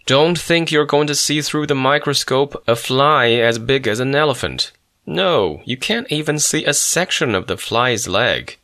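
A man's voice: mid-range voice, animated, unhurried, bright, forceful tone, voice pushed up. A man reading aloud voices a jocular male botany professor, teasing his students. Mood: joking. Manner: teasing, lecturing.

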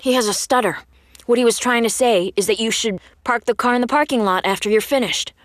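A stern, protective elder sister, played by a woman in a dubbed drama, curt and sharp-tongued. Her voice sits somewhat high, and it is recorded dry and close. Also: brisk, dry recording, close to an everyday voice. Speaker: dub actor.

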